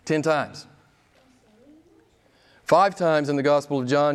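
A man preaching a sermon as pastor, emphatic and full of rhetorical questions, swinging between loud and soft. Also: a little high, unhurried, pauses often, smooth.

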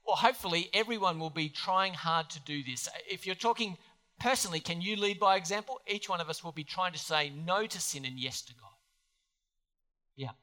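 A man preaching a sermon as pastor in a church, earnest and animated, putting questions to the congregation. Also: high voice, brisk. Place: church hall. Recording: long hall reverb.

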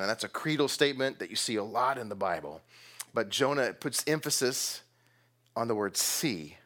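A man's voice: mid-range voice, fairly bright tone. A man preaching a sermon as pastor, talking casually, laughing now and then and stressing some words strongly. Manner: conversational preaching with laughs and sudden bursts of emphasis.

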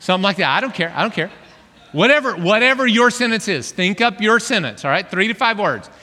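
A man preaches to a congregation, animated and joking as he coaxes them along. His voice sits high and sounds bright and forceful, and it rings out with the long reverb of a large hall. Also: a little fast. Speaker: pastor. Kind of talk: sermon. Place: church hall.

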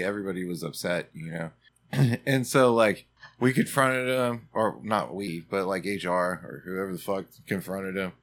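A lower-pitched man spinning a loose, profane anecdote for friends on a casual podcast. He piles on fillers and keeps the tone easy. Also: fairly bright tone. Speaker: podcast co-host. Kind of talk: casual storytelling.

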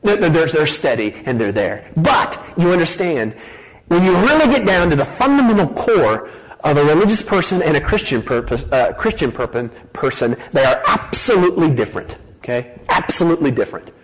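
Animated male pastor preaching. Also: on the high side, brisk, rough recording. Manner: animated, rising emphasis with frequent rhetorical okays and light joking. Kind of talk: sermon.

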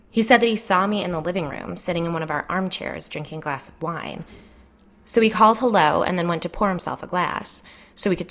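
Jen is a frazzled, gossipy suburban mom, put on by a female storyteller, her voice pitched up a little and pushed louder than the narration. She complains in an agitated rush, swears freely and leans on "like" for an audiobook-style story. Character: stressed, gossipy suburban mother, adult woman.

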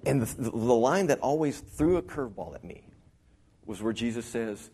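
Man, middle-aged pastor, folksy sermon storytelling, mid-pitched voice. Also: expressive, moderate pace, pauses often, darkish tone, breathy edge. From Texas Panhandle.

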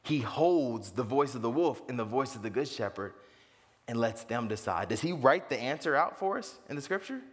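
Male pastor, animated sermon delivery, big pitch swings, long hall reverb. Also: normal speed. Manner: animated, jumps to high excited pitch for emphasis.

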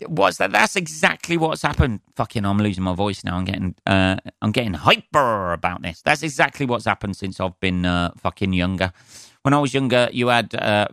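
A man's voice: mid-range voice, bright, forceful tone, no room sound, clean studio sound. A man hosting a solo podcast, ranting with heavy swearing and sarcasm and laughing at his own jokes. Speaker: podcast host.

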